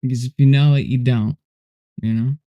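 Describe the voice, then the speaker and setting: A man's voice: medium pitch, steady tone, normal speed, warm tone, highs cut off. A man hosting a casual livestream while coding, rambling and laid-back, often saying "dude" and "you know". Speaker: livestream host.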